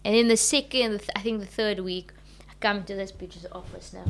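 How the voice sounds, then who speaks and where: A young woman hosting a podcast, telling a story in a frank, animated way and swearing freely. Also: mid-range voice, a little fast, background noise. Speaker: podcast host. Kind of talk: casual storytelling.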